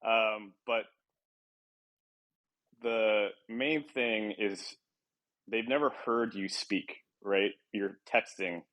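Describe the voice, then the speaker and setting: Low-ish guy rambling on a podcast, lots of ums and little laughs, kinda sleepy. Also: extremely slow, pauses often, fairly bright tone. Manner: rambling, laughs often, many ums and restarts. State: short on sleep. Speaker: podcast host. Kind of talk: casual chat.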